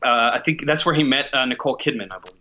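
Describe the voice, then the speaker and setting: A man in his forties reading out trivia questions on a casual podcast in a measured way. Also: medium pitch, highs cut off, crowd noise.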